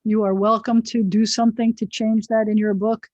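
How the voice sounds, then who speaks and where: A woman's voice: a little high, little pitch movement, moderate pace, darkish tone, no echo. A middle-aged woman rabbi leads an online biblical Hebrew class, explaining each word and drifting into friendly asides. Her voice comes over a dull, dry video-call connection.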